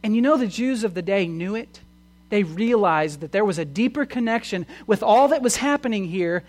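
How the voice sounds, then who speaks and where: A preacher giving a sermon, asking the listeners questions and moving between loud proclamation and quiet, conversational asides. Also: medium pitch, lively intonation, moderate pace. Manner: asks the audience many questions.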